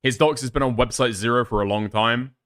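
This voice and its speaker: A man's voice: mid-range voice, fairly even intonation, a little fast, fairly bright tone. A man reacting to videos on a live stream, swearing freely and sounding sardonic and exasperated. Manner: profane, exasperated, sardonic outbursts.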